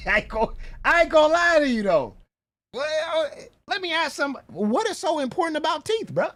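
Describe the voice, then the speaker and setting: Brisk and very high-voiced, a man riffs casually on clips during a stream, full of energy. He speaks right to the viewer, sprinkling in "bro" again and again.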